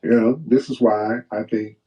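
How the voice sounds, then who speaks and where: A man hosting a live talk stream, talking in a preachy way and reading old quotes slowly with emphasis. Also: lowish voice, fairly even intonation, dark tone. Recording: distant, muffled live stream audio.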